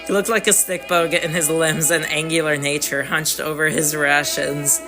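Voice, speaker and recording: A man's voice: a little high, flat delivery, normal speed, music in the background. A man streaming a live game, reading the story aloud with frequent giggles. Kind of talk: live game read-through.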